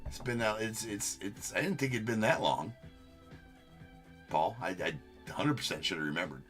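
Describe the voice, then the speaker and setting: A man's voice: normal speed, faint music behind. A young man hosting a live card break stream, chatting loosely with viewers, joking at himself and swearing now and then. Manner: loose, self-deprecating, swears, jumps up in pitch when excited.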